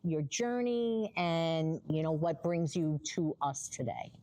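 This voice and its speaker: A woman's voice: low-pitched, lively intonation, slow, warm tone. A woman co-hosting a podcast, chatting playfully and joking with her co-host. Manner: playful, joking, laughs easily. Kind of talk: casual podcast chat.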